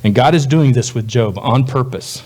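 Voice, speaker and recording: A male pastor delivering a sermon in a relaxed, conversational manner. His voice sits in a middle pitch, and he slips into brief, livelier voices when he quotes others. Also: normal speed.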